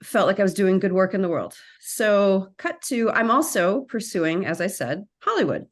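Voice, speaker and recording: Woman, casual storytelling, chatty and animated, restarts, middle pitch, video call. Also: normal speed. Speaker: guest, massage therapist and actor.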